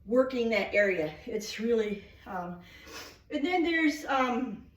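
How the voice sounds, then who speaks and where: Woman vlogger, somewhat high voice, rambling home chat, slightly winded, echoey room. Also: far from the mic. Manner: chatty, rambling with many ums. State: out of breath after exercise. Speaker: lifestyle vlogger. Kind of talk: casual home vlog. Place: at home, workout area then kitchen.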